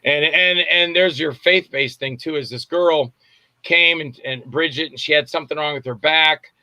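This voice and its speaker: Speaking at a normal pace with a slightly high, bright, pushed voice, a film director living in Tampa rambles through long stories during a casual interview. He keeps halting to hunt for names, and there's no echo on the recording.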